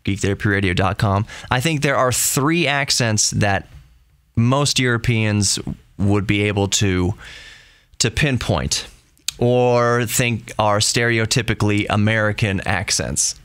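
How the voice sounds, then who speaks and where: A man's voice: lowish voice, measured pace, a bit bright, smooth, dry recording. A man from Texas hosting his own tech podcast, talking loosely and rambling in a chatty, self-deprecating way. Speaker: podcast host. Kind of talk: casual solo podcast monologue.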